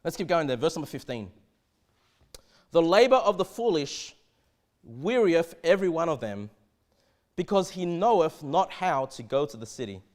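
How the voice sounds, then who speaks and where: A man with an Australian accent preaching a sermon in a church, conversational and animated, often stammering and restarting his sentences. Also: fairly high pitch, normal speed, pauses often. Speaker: pastor.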